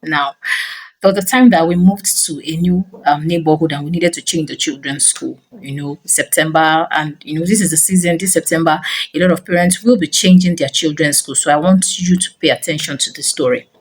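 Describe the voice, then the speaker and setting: Lower-pitched woman. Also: brisk, rough recording. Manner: animated storyteller, frequent "you know" fillers. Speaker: teacher and school owner giving parenting advice. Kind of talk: personal storytelling to camera.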